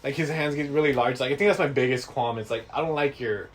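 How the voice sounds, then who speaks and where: A man's voice: mid-range voice, fast talker. A young man co-hosting a casual podcast, rambling with lots of fillers and laughter. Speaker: podcast co-host. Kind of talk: casual chat.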